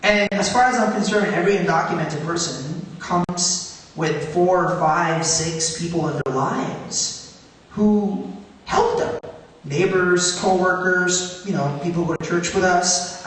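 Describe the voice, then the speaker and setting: A man speaking onstage at a public event, earnest and animated, his voice rising on questions. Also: on the high side, slight background noise. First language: Tagalog. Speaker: guest speaker. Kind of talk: onstage conversation. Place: high school auditorium. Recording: echoey hall from far off.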